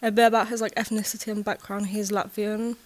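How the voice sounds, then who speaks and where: A woman's voice: mid-range voice, level tone, fast. A woman co-hosting a casual true-crime chat, giving case facts in a matter-of-fact way with "like" fillers. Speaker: co-host presenting case facts.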